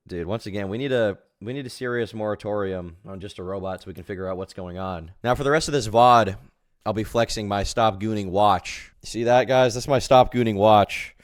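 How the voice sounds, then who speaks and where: A man streaming a reaction to a video, talking casually, loudly and profanely, laughing often and repeating himself. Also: lowish voice, lively intonation, moderate pace, dry recording, clean studio sound. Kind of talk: casual live reaction chat.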